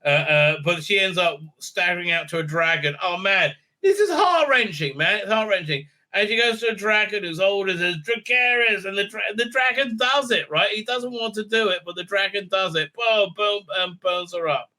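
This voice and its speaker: A middle-aged man recapping a TV episode in a rambling, casual monologue, full of filler sounds and restarts, dropping low then jumping up excitedly. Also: normal speed, few pauses. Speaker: TV show reviewer.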